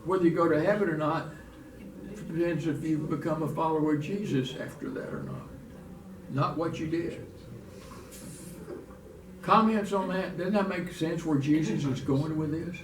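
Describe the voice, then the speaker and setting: A man's voice: a little high, moderate pace, pauses often. A man teaching a church Bible lesson in a folksy, restarting way, reading scripture aloud. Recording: echoey room from far off, faint noise.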